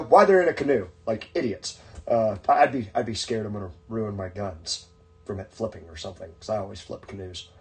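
A man's voice: mid-range voice, darkish tone. A man hosting a podcast and telling a long story in casual chat, rambling with many fillers and restarts. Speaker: podcast host.

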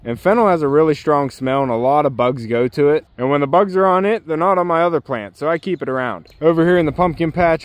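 A relaxed man strolls through his garden and talks it through in a loose, chatty way. His voice sits a little high for a man. The sound is close and dry. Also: no echo. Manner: easygoing, chatty, jokes and breaks off to talk to his dogs. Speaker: homesteader showing his garden. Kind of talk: casual walking garden tour. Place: outdoors in a yard garden.

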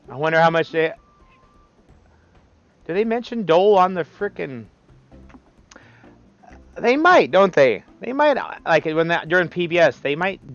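A man streams a retro platformer, swearing and grumbling at the game as he plays. His voice is gravelly, and the recording is slightly muffled and lo-fi, with game music under it. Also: fairly high pitch. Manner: profane, exasperated, talks to the game. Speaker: let's play streamer. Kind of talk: casual gameplay commentary.

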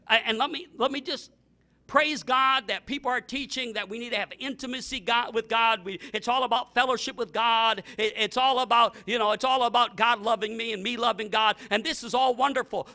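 Middle-aged guy preaching, really high bright voice, fervent, repeats himself, bursts out loud sometimes. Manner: fervent, repetitive, with sudden loud outbursts. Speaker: pastor. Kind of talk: sermon.

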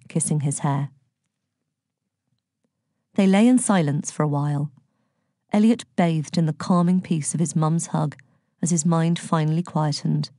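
A woman narrating an audiobook in a calm, gentle storytelling manner. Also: sits low, dry recording, studio quality. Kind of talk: scripted narration.

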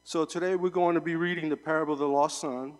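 A young adult man giving a sermon as a guest preacher, telling a story in a relaxed, conversational way with fillers. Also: fairly high pitch, fast, big-room sound.

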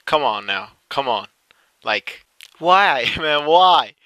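A man's voice: medium pitch, animated, slow, pushed and bright, no room sound. A young man giving casual reaction commentary, swearing often and insisting he is not laughing while giggling. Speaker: streamer reacting to clips.

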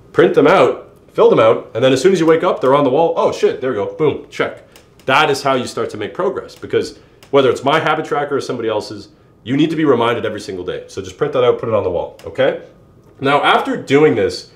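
Brash young man, echoey room. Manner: brash, swearing, calls listener "bro", lively pitch jumps. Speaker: YouTuber giving self-improvement advice. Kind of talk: casual direct-to-camera advice monologue.

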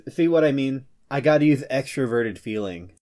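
A man hosting a scripted psychology explainer, reading with playful joking asides and quick comic character voices. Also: medium pitch, lively intonation, darkish tone. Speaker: host of a personality-psychology channel.

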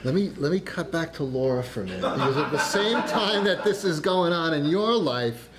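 A man moderating an oral history panel, steering the conversation briskly between speakers. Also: fairly high pitch, expressive, over a noisy crowd.

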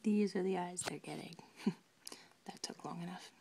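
A woman chatting casually and excitedly, giggling and drifting into soft whispers. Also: lowish voice, normal speed, vocal fry, breathy edge. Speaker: doll maker vlogger. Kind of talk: casual chat.

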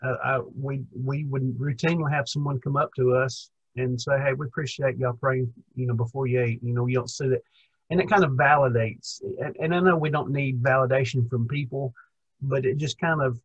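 A young male minister with a husky, slightly breathy voice at an ordinary pitch. He talks through the lesson casually, circling back and restarting as he gathers his thoughts. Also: lo-fi sound. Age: young adult. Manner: rambling, many restarts, chuckles. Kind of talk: conversational Bible lesson.

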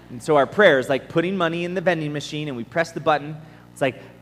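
A man's voice: a little high, fast, a bit bright, soft background music. A young man giving a casual, self-deprecating camp sermon, acting out his own distracted prayers. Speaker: camp speaker. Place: camp meeting hall. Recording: long reverb from a hall.

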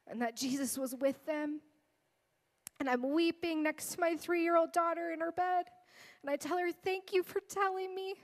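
A woman in her thirties giving an earnest, emotional testimony as a guest speaker in a sermon. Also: high voice. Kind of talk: sermon storytelling.

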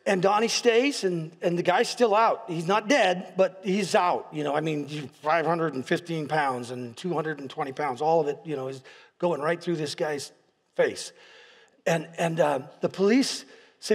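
A pastor preaching a sermon in a large church hall, telling stories with restarts and repeated words and building to impassioned peaks. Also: male voice, fairly high pitch, moderate pace, husky. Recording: long hall reverb.

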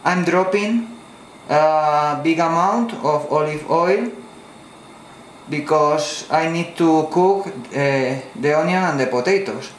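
Slow Spanish-accented man teaching a recipe. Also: on the high side, slight background noise. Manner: slow, careful, non-native phrasing with fillers. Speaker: cooking channel host. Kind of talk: step-by-step cooking demonstration. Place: home kitchen. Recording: echoey kitchen with sizzling pan.

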